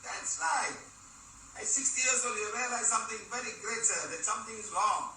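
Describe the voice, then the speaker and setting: Sixties male host, high and very bright, lively chatty delivery, off-mic in a roomy space. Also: brisk, distant mic, slight background noise. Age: 60s. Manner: animated, chatty, laughs often, addresses listeners as guys and sir. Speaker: founder of a healing movement. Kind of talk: live talk reading and answering viewer comments.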